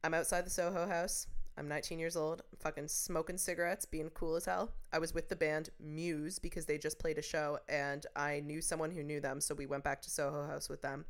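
Podcast co-host, woman, 20s, low-ish voice, crude and animated storyteller. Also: a little fast, hardly any pauses. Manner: profane, animated storytelling with laughter. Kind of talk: casual chat.

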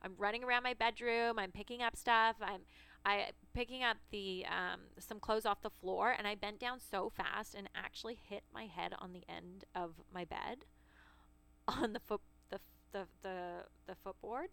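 A woman's voice: mid-range voice, moderate pace, creaky, bright, forceful tone, smooth. A woman in her thirties co-hosting a casual beauty chat, telling stories with frequent laughs. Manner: chatty storyteller, laughs often. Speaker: podcast co-host.

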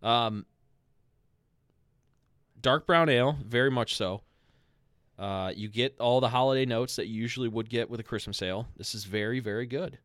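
A man hosting a podcast in relaxed, rambling chat. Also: medium pitch, moderate pace, long pauses, no room sound, studio quality. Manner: relaxed, rambling, with fillers and self-corrections. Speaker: podcast host.

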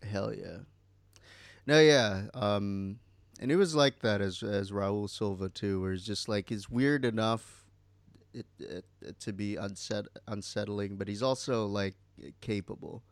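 A man's voice: fairly low pitch, a little slow, gravelly, no room sound. A man co-hosting a podcast in casual chat, rambling with many fillers and some swearing. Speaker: podcast co-host.

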